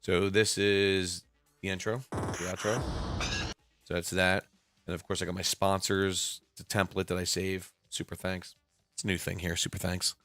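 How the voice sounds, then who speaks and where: Speaking at normal speed in a deep, level, fairly bright voice, this live-streaming reptile keeper in his forties talks loosely and rambles, with the occasional curse. Faint background music runs under his desk computer mic.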